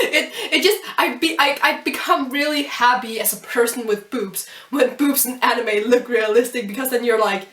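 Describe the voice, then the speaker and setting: Bright, excitable young woman gushing. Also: fairly high pitch, takes it slowly, long pauses. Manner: gushing, excitable fangirling with laughs and exclamations. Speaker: anime reviewer. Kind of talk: casual video review. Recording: roomy sound from a distance off the mic.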